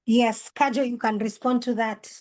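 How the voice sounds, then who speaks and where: A woman facilitating an online webinar, explaining how pitches are judged through a string of questions, speaking over a video call. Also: fairly even intonation, normal speed, darkish tone. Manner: explains judging criteria with many questions.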